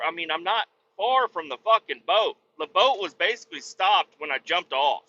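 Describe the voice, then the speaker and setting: A man's voice: sits high, lively intonation, normal speed, few pauses, bright, forceful tone. A man hosting a podcast, telling a story in a casual, profane, ranting way. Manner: profane, ranting, acts out others' voices. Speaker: podcast host. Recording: slightly muffled with faint hiss.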